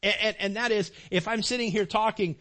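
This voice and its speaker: Middle-aged male pastor, high voice, animated sermon delivery with emotional swings and repeated phrases for emphasis. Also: a little fast. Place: church sanctuary.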